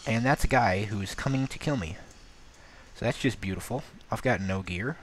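Excitable low-voiced man narrating gameplay. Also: normal speed, slight background noise. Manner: self-mocking, jumps from mumbling to excited outbursts; playing around with a put-on accent. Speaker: gaming video host. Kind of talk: let's-play game commentary.

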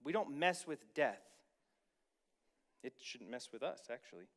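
A man preaching a sermon as pastor, reading scripture and then commenting casually to the congregation, slowing down to stress key lines. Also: medium pitch, animated.

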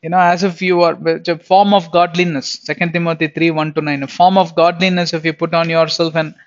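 A man's voice: fairly high pitch, level tone, a little fast, lo-fi sound. Chatty man teaching the Bible. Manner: chatty, laughs often, repeats words.

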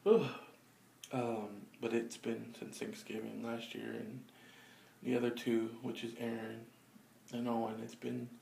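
Sleepy, gravelly young man. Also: medium pitch, level tone, unhurried, dark tone, a little hiss or hum. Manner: drawling, rambling, laid-back with fillers. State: sleepy, yawning. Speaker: vlogger. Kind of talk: casual video diary.

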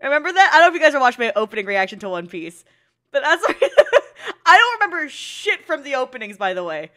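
A woman's voice: high voice, sing-song, fast talker, a bit bright. A woman hosting an anime reaction video, chatting casually, giggling often and teasing herself. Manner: giggly, chatty, self-mocking, swears casually. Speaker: anime reaction channel host.

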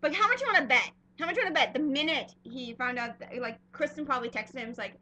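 Gushing young woman, high bright voice. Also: animated, fast, slight background noise. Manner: gushing, rambling fan talk with many fillers. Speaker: fan vlogger. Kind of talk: casual vlog chat.

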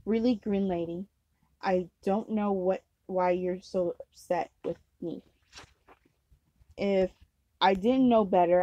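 A woman's voice: medium pitch, warm tone, no echo, low-quality recording. A woman reading a novel aloud at home, unpolished, with slips and restarts. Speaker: amateur reader.

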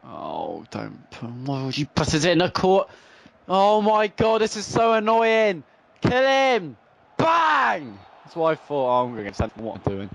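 A young man commentating his own football video game play, swinging between frustrated groans and excited shouts. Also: a little high, normal speed, creaky. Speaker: gaming YouTuber. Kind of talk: live gameplay commentary.

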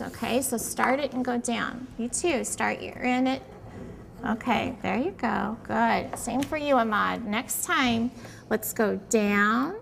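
A woman's voice: on the high side, gravelly, a bit bright, a little hiss or hum. A woman teacher patiently guiding young children through a handwriting and letter-sound lesson at a small classroom table, praising them often.

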